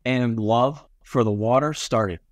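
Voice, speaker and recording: A man's voice: mid-range voice, slow pace, no room sound. Chill guy from upstate new york, lots of ums and likes, dry close mic. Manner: laid-back, many ums and likes. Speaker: podcast guest, former Olympic swimmer. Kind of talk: casual storytelling chat.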